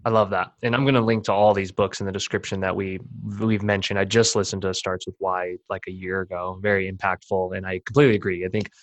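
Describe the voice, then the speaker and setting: A man hosting a podcast, talking in a relaxed, agreeable way as he chats with his guest. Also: sits low, fast talker, hardly any pauses, no echo. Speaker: podcast host. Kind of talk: casual podcast conversation.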